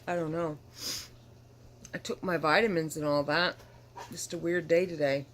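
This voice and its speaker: A middle-aged woman with a notably low voice talks candidly to her camera, tired and yawning, rambling and apologizing as she goes. Her casual vlog chat is recorded with a faint hiss underneath. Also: fairly even intonation, moderate pace, long pauses. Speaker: vlogger.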